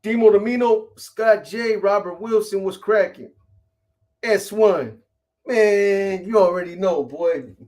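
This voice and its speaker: A man hosting a live stream in a casual, rambling way, his voice sitting a bit higher than most men's. He swears freely, uses street slang and keeps greeting viewers by name. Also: takes it slowly, a little mellow. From California.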